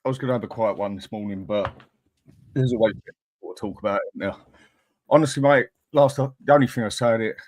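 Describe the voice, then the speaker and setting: Laid-back fast-talking man. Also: on the low side, a little mellow. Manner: laid-back, reassuring, chuckles. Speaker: guest co-host. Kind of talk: casual chat.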